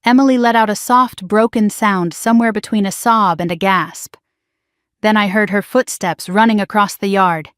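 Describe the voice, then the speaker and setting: Hushed woman narrating a drama story. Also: medium pitch, fairly even intonation, moderate pace, clear, resonant tone, no echo, clean studio sound.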